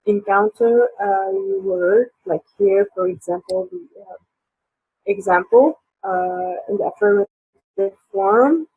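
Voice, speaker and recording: Slow husky woman teaching over a tinny line. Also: a little high, dry recording. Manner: hesitant, many fillers and restarts. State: sore voice. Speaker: English teacher. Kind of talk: online English lesson.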